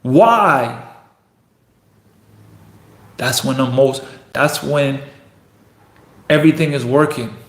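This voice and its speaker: A man's voice: medium pitch, takes it slowly, pauses often. Intense fired-up man, echoey room. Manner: intense, repetitive, builds to emphatic peaks. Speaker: professional basketball player giving motivational talk. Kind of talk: motivational speech.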